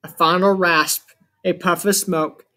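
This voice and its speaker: A man reading a first-person adventure story aloud as an audiobook narrator, with measured, dramatic storytelling. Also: high voice, fairly even intonation, pushed and bright.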